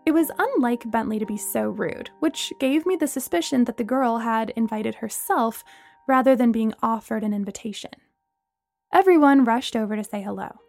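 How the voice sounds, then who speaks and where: A woman narrating a story aloud in an expressive, brisk way. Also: fairly high pitch, gravelly, faint music behind.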